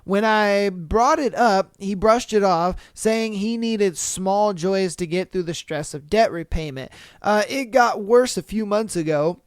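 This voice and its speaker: Male podcast host with a smooth, high voice, blunt and profane, reading and reacting to listener stories. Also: a little slow, no room sound, studio quality. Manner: profane, blunt, repeats "you know what I mean". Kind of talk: blunt casual commentary and reading of listener posts.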